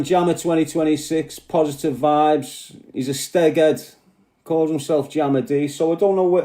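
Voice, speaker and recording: A Scouse man rants and swears on a live stream, answering his commenters in a confrontational way. His voice sits a little high and mellow, and the room around him sounds echoey. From Liverpool. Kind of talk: ranting live chat.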